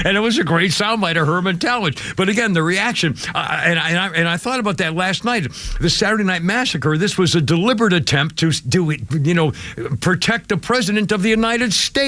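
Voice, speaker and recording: A man's voice: fairly high pitch, fairly bright tone, no echo. A man in his seventies hosting a talk radio show, telling rambling stories with laughs and growing indignant. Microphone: studio microphone.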